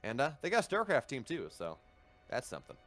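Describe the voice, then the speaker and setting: A man's voice: mid-range voice, huge pitch swings, brisk, a bit bright, soft background music. A man casting a live esports match, chatty and enthusiastic in long run-on stretches. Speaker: esports caster. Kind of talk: live game commentary.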